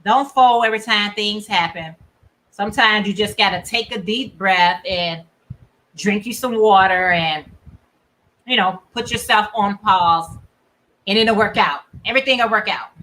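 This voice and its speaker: A woman hosting a crafting livestream, chatting casually and warmly reading out viewer comments. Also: medium pitch, a little slow, poor audio. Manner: chatty, reads viewer comments aloud, encouraging. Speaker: crochet livestream host. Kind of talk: casual chat with live viewers.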